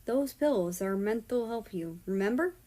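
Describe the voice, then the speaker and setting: A woman voicing a gentle, caring young man in a read-aloud story, speaking softly and a little higher than her narration. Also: lively intonation, unhurried. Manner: soft, gentle.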